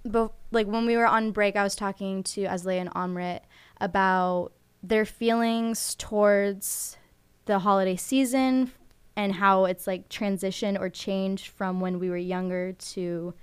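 A woman's voice: mid-range voice, steady tone, a little slow, smooth. A young woman hosting a college radio show, chatting in a rambling way with lots of fillers and giggles, on a studio microphone. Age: young adult. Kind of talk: casual radio chat.

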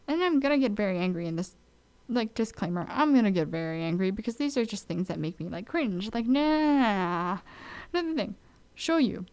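A young woman from Oahu with a Hawaiian accent, chatting casually to camera in an animated, mock-exasperated way. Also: on the high side. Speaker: vlogger. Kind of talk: casual chat.

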